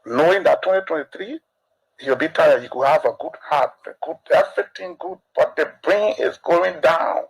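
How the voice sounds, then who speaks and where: A man giving lively, joking opinions in street talk. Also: on the high side, normal speed, vocal fry, slightly rough, poor audio.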